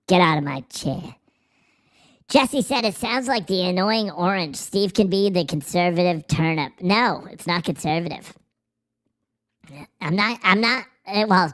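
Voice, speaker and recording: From an office, a livestream host talks through a pitch-shifting voice changer that makes him sound a bit bright. He chats casually while reading viewer comments, sarcastic and profane, laughing often.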